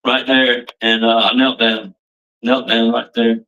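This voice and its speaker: A man's voice: medium pitch, flat delivery, a little slow, bright, forceful tone, highs cut off. Man telling his story from far off. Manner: rambling, restarts often, casual Southern phrasing. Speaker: testimony speaker. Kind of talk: personal testimony.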